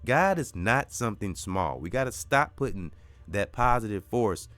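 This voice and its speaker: A man's voice: on the low side, expressive, moderate pace, a bit bright, no echo. A middle-aged man hosting a podcast, giving an emphatic, preachy spiritual pep talk that repeats its points and swears now and then. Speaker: podcast host.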